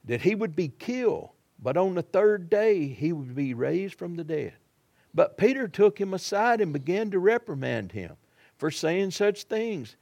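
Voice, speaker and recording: A man's voice: high-pitched, very animated, a little slow, vocal fry, a little mellow. A man preaching a sermon in a folksy, dramatic way, acting out the people in the story.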